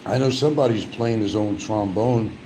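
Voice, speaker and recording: A man with a fairly low voice chats loosely to his viewers, talking with food in his mouth and drifting between small talk and complaints. Faint noise hums behind him at home. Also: normal speed, mellow, poor audio. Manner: rambling, eats while talking, grumbling. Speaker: vlogger. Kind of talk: casual eating vlog chat.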